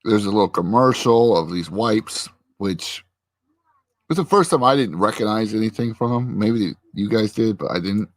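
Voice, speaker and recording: Lower-voiced man rambling through a recap. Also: expressive, normal speed, no room sound. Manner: rambling retelling, slipping into characters' lines. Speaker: host. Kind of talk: casual show recap chat.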